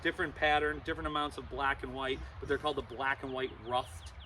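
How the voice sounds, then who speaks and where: A man's voice: mid-range voice, steady tone, quick pace, bright, forceful tone, slight background noise. A man presenting a live animal show to kids, playful and teasing.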